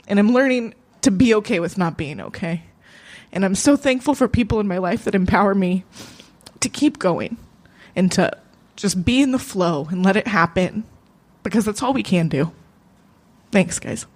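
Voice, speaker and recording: A woman co-host telling a personal story at a live open mic in a small cafe, halting and emotional, full of fillers and restarts. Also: mid-range voice, lively intonation.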